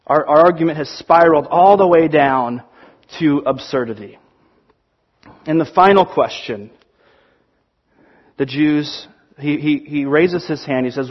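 Man, sermon, animated storyteller, husky voice, high pitch. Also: unhurried, dull audio. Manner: animated storytelling, acts out quotes. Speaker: pastor.

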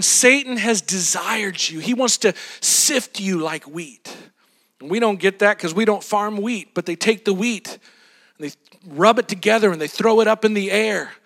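A man preaching a sermon, retelling a story with animated, dramatic flair. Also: sits high.

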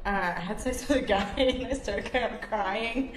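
A giggly young woman comedian in her twenties, telling a story on a casual podcast. Her voice sits a bit high and she laughs through her sentences. The room is echoey. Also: a little slow, slight background noise.

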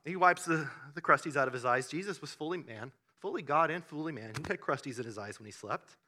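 A man delivering a sermon with a high, very bright voice that swings widely in pitch. He tells the story with animated bursts and quiet asides. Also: fast talker. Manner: animated storytelling, acting out the disciples in loud bursts and hushed asides. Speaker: pastor.

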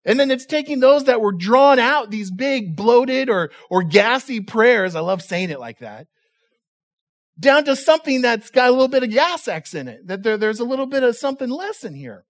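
A man's voice: extremely high pitch, sing-song, fairly quick. A male pastor giving a conversational, humorous sermon, often repeating words as he restarts.

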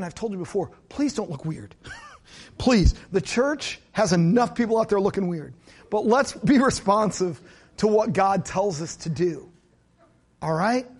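A pastor preaching in a high voice. He keeps it conversational, dropping in jokes and asides to his congregation. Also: darkish tone. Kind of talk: sermon.

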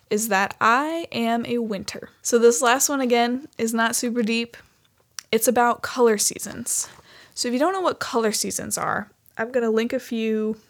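Chatty woman with vocal fry. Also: mid-range voice. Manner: chatty, heavy use of "like", earnest. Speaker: podcast host. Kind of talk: casual personal storytelling.

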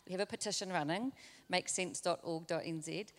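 Chatty New woman, low voice. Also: a little fast. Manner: chatty, rambling, self-aware. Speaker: campaign founder, panel guest. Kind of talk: on-stage panel interview. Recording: hall reverb.

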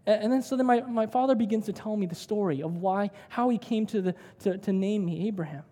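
Male pastor, chatty storytelling sermon, mellow tone, echoing hall. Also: high voice, fast, few pauses. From United States. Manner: conversational storytelling with frequent "right?". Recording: long hall reverb.

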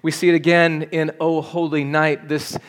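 A man's voice: on the high side, little pitch movement, moderate pace. A man preaching a sermon at a church service, earnest and building to urgent appeals. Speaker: pastor.

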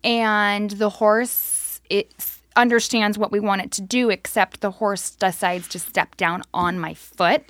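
Podcast co-host, woman, casual self-deprecating storyteller, mid pitch, dry. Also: fairly even intonation, unhurried, fairly bright tone, dry recording. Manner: self-deprecating, laughing through stories.

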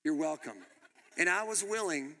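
Man preaching, bright sharp voice, animated storytelling, reverb of a church hall. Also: fairly high pitch, normal speed. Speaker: pastor. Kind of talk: sermon with storytelling.

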